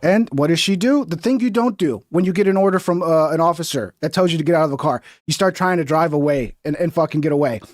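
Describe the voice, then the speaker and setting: A man giving heated, profane livestream commentary over video clips, mocking opposing views in a high voice. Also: fast, few pauses, no echo, clean studio sound. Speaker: political commentary streamer.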